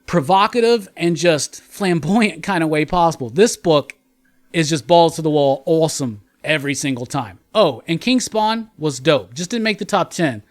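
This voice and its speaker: A man guest-hosting a comic book review, excitable and wordy, piling up adjectives as he raves. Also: a little high, normal speed. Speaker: guest co-host from another channel. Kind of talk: enthusiastic review chat.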